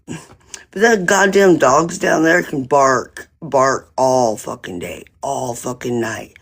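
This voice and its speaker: A man's voice: medium pitch, takes it slowly, fairly bright tone, breathy edge. A man on a phone live stream, rambling through an indignant, profane story about a neighbor in casual chat. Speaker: livestreamer.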